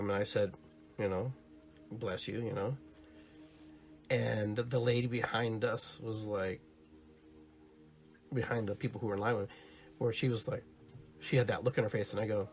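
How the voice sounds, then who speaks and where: A man's voice: medium pitch, slightly rough. A man hosting a live-streamed podcast, chatting casually and rambling, who greets his viewers and acts out little stories. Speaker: podcast host.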